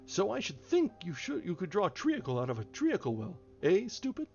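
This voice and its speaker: A man doing a rude, shrill storybook Hatter. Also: huge pitch swings, brisk, vocal fry, a little mellow, dull audio, faint music behind, exaggerated voice. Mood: snappish. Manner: snappish, triumphant. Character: rude, excitable male Hatter.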